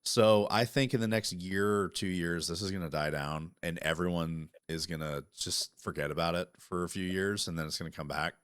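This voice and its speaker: Deep-voiced man, profane casual chat. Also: normal speed, hardly any pauses, clear, resonant tone, no room sound, studio quality. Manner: profane, animated, talks through interruptions. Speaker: podcast co-host.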